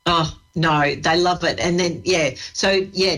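A woman's voice: on the low side, steady tone, unhurried, hardly any pauses, fairly bright tone. An Australian woman who works at a library, chatting with enthusiasm in a radio interview and laughing easily. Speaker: library staff guest.

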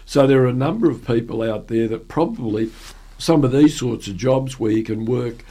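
A man interviewing a guest in casual chat, asking rambling follow-up questions and clearing his throat at times. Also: medium pitch, normal speed, warm tone. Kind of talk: casual radio-style interview.

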